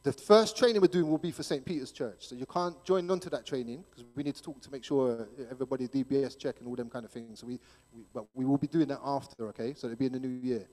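A man speaking at a church gathering, emphatic and animated, often repeating words as he presses his point. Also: mid-range voice, fast talker. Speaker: church speaker promoting a schools ministry. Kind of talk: church appeal talk. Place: church hall. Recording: long hall reverb.

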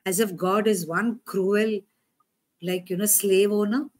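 A woman's voice: medium pitch, steady tone, takes it slowly, long pauses. A woman preacher giving a conversational sermon, often asking her listeners questions.

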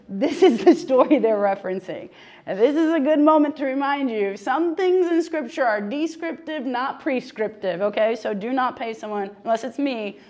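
A woman's voice: high-pitched, moderate pace, darkish tone. A woman teaching a humorous, chatty Bible lesson, joking and laughing often.

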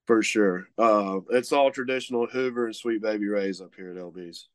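A man's voice: lowish voice, moderate pace, dry recording. A man from Mississippi, chatting casually on a podcast in an easygoing, rambling way full of fillers. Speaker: guest co-host, butcher shop representative.

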